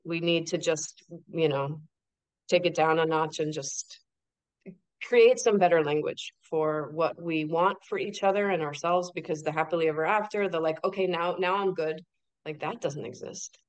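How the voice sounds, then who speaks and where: A woman speaking as a podcast guest and author in casual interview chat, emphatic and animated, often asking rhetorical questions. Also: deep voice, moderate pace.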